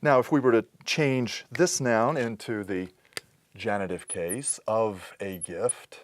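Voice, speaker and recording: A man giving a patient recorded lesson on accenting Greek words, explaining step by step with pauses and restarts. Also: fairly low pitch, a little hiss or hum. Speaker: teacher.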